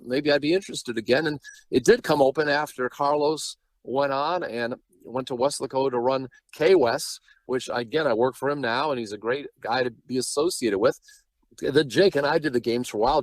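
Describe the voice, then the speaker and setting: A man's voice: on the high side, dry recording, rough recording. A man from Chicago, a sports broadcaster being interviewed, who tells long, rambling stories with many asides. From Chicago, Illinois. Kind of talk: casual interview chat.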